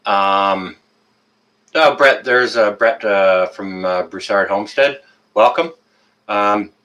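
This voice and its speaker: A Canadian-accented man chats casually as host of a webcam live stream. He greets his viewers by name one after another. His voice sits low but has a bright, forceful edge. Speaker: livestream host.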